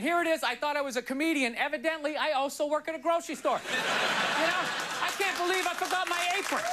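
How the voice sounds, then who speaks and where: A man doing a stand-up comedy set on a television studio stage, ranting in an exasperated, rambling way with lots of "you know" asides. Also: very high voice. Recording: broadcast stand-up with loud audience laughter and noise.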